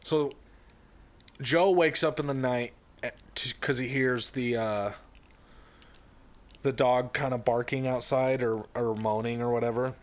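A man casually retelling a story to a friend on a podcast, wandering and backtracking as he goes. His voice sits at an ordinary middle pitch. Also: steady tone, a little slow, long pauses. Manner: rambling storyteller with many fillers and restarts. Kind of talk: casual chat.

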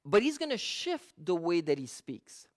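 Preacher going verse by verse, lots of pitch swing, slows down on key words, asks questions and answers them. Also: very animated. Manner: reads scripture slowly with stressed words; explains with rhetorical questions. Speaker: Bible teacher. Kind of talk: verse-by-verse sermon.

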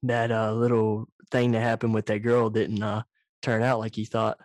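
A man's voice: fairly low pitch, monotone, moderate pace, a little mellow, dry recording. A young man hosting a podcast over a video call, telling stories casually with plenty of swearing and laughter, sitting very close to his microphone. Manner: profane, laughing, storytelling. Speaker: podcast host. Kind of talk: casual chat. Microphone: very close to the mic, loud.

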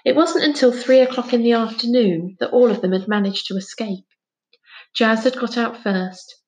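A woman reading a children's book aloud with clear, gentle storytelling. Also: on the high side, moderate pace. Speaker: story reader.

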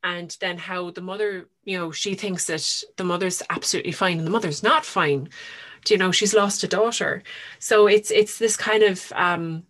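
A chatty woman co-hosting a casual book podcast. Her voice is lowish for a woman, with a bright, forward tone. She retells stories eagerly, full of fillers along the way. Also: steady tone, moderate pace. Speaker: podcast co-host.

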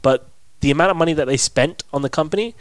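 Young man, Australian accent, podcast co-host, casual joking chat, slightly high voice, dry sound. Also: fast talker, dry recording. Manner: joking, animated, rambling.

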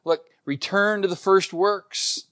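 A man's voice: high voice, fairly even intonation, slow pace, fairly bright tone. A middle-aged man preaching a sermon, earnest and emphatic, repeating key points. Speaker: pastor.

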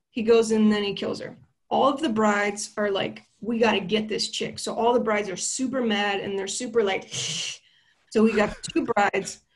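A young woman recapping a horror film in a chatty, slangy and playful way. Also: medium pitch.

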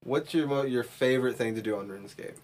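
A man's voice: mid-range voice, fast, a little mellow, a little hiss or hum. A man co-hosting a podcast in laid-back, rambling casual chat. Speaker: podcast co-host.

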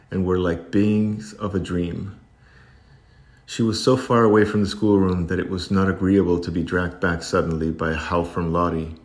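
A man reading a classic storybook aloud in an even, unhurried narrating manner. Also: sits low. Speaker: audiobook narrator.

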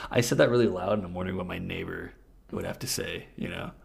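A man's voice: sits low, huge pitch swings, brisk, vocal fry, a crowd in the background. A man co-hosting a podcast, chatting casually and crudely while laughing often. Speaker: podcast co-host. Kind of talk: casual comedic chat, reading fan fiction aloud.

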